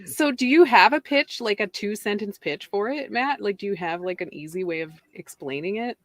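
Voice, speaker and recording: A woman's voice: medium pitch, moderate pace, no echo. A woman co-hosts a casual chat, chiming in with short remarks and questions in a mid-range voice. Her sound is dry and close, with no room around it.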